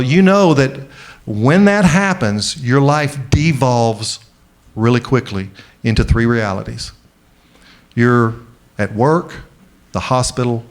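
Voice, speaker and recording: A middle-aged man speaks to a conference audience in a heartfelt storytelling manner. He often slows and softens when the story turns emotional, then builds up again as he makes his point. His voice sits at an ordinary pitch for a man. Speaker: keynote speaker. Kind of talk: conference keynote speech. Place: large conference venue.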